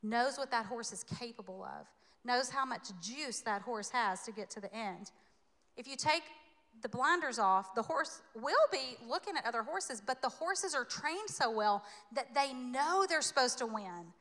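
A woman from the American South preaching a sermon in a church, conversational and animated, with playful asides. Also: a little high, unhurried. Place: church sanctuary. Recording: long hall reverb.

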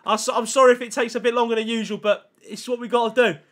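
Pack openings draw loud reactions from a young man on a gaming livestream, who chats casually with viewers in an excitable, slangy manner and thanks chat constantly. He speaks very high-pitched at a quick pace.

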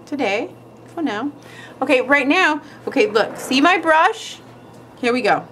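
Slow, chatty woman narrating a nail tutorial. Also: sits high, expressive, fairly bright tone, a little hiss or hum. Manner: chatty and giggly, with frequent laughs; talks while concentrating, trailing off mid-sentence. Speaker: nail art tutorial host. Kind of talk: casual tutorial narration while painting.

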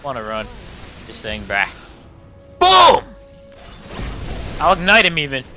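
A man in casual gaming chat with a friend, excitable and teasing, slipping into goofy voices. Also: mid-range voice, fairly quick, over loud music. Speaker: gamer, friend of the host.

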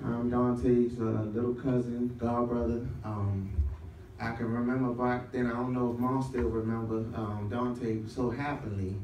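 A man's voice: medium pitch, little pitch movement, unhurried, a little mellow. A man paying tribute to a relative at a funeral service, rising into fervent, preacher-like exhortation. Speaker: family member giving a funeral tribute. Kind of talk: emotional funeral tribute with church call-and-response. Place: large room at a funeral service. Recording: echoey room, voice heard from a distance, faint noise.

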